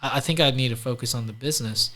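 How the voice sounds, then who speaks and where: A man's voice: mid-range voice, racing, bright, forceful tone. A man from Louisiana as a guest entrepreneur, telling stories in a casual, chatty way. He fills his talk with "like" and acts out the people he quotes. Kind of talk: casual storytelling interview.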